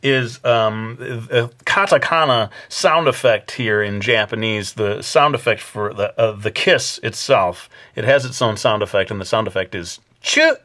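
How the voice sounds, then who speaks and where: A man's voice: on the low side, a little slow, hardly any pauses, sharp tone. A man teaching a drawing lesson in a casual, hesitant way, with many fillers and joking asides. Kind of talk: casual drawing tutorial narration.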